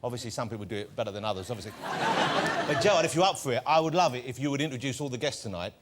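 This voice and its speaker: A man's voice: medium pitch, animated, racing. A man hosting a television chat show, joking and introducing guests theatrically. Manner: playful, jokey, theatrical introductions. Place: TV studio with live audience. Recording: loud studio audience and noise.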